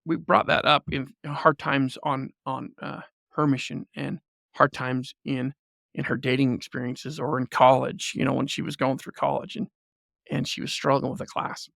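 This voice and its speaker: A man telling a lively family story as a podcast guest, often laughing and acting out what people said. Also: medium pitch, vocal fry, no echo, clean studio sound. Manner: animated storyteller, laughs often, acts out quotes. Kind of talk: casual storytelling.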